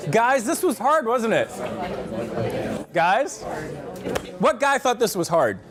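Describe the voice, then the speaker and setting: A middle-aged man teaching a marriage class at a church, lecturing in an animated, joking way and acting out quotes in voices. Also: very high voice, takes it slowly, a loud crowd. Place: church classroom with a live group.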